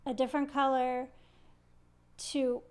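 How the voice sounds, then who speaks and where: A woman with a high, bright-pitched voice, chatting beside her partner on an aquarium live stream. She tells stories about their fish shop in a friendly, teasing back-and-forth. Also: level tone, slow pace, clean tone. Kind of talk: casual chat.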